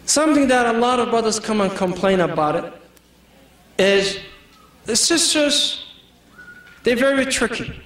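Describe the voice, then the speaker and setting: Man, high voice, joking preacher style, recorded from afar in a big echoing hall. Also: lively intonation, measured pace, long pauses, fairly bright tone. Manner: jokey, storytelling, full of "you know". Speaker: Islamic speaker. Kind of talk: humorous sermon to a community audience. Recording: echoey hall, mic far off.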